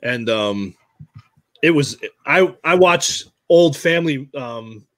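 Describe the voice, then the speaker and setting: A man's voice: mid-range voice, expressive, slow, dry recording. A man from Long Island chatting on a podcast, blunt and swearing freely as he tells stories. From Long Island, New York. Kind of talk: casual profane chat.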